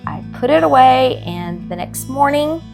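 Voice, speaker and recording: A woman's voice: sits high, expressive, a little slow, gravelly, over music. A middle-aged woman chatting casually as a crochet vlogger, rambling in a friendly way and talking straight to her viewers.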